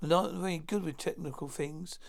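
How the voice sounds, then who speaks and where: Nervous, wheedling coward of a thief, read plainly by a man with a gravelly voice. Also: fairly high pitch, fairly even intonation, a little fast. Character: cowardly male thief pleading for his life.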